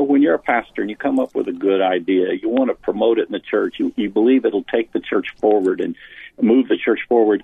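A low, gravelly man talks earnestly and at length, often restarting a phrase as he explains. His voice is husky and comes through a thin, phone-like line. The sound is dry and close. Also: no echo. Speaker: author and pastor guest. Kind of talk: interview about church leadership.

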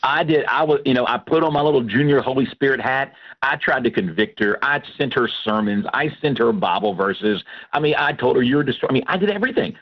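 A man, a pastor and Christian counselor, telling his testimony with earnest, animated storytelling. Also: mid-range voice, husky, muffled recording. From Texas. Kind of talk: testimony in a radio interview.

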